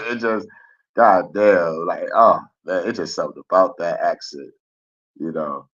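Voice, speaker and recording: A man's voice: deep voice, unhurried, fairly bright tone. A man hosting a live stream, rambling in a casual, profane monologue and laughing often. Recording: dull lo-fi stream audio.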